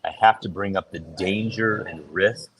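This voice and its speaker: Man, middle-aged, low pitch, casual podcast storyteller, animated quoted voices. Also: moderate pace, noisy background. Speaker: podcast co-host. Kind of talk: casual chat.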